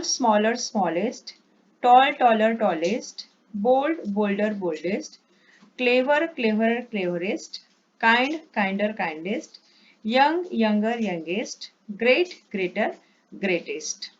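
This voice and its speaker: A woman's voice: a little high, lively intonation, slow pace, slight background noise. A woman teaching an English grammar lesson, reading out word lists patiently and correcting herself as she goes. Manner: patient, repeats words, corrects herself with "sorry". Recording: dull lo-fi recording.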